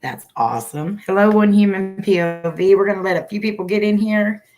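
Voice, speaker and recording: A woman's voice: mid-range voice, brisk, a little mellow. A woman hosting a casual livestream, chatting and greeting viewers by name over a computer mic. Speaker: livestream host.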